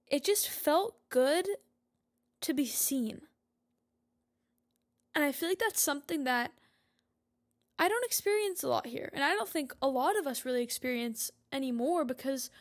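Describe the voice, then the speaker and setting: Young woman, podcast host, fairly high voice, casual solo monologue, filler-heavy, candid and reflective. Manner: chatty storytelling with frequent "like" fillers.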